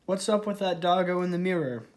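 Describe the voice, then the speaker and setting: A man voicing an excitable young kitty boy in a storybook reading, with energetic exclamations. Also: high voice, fairly quick, pitched above the performer's own voice, lightly acted. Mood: excited.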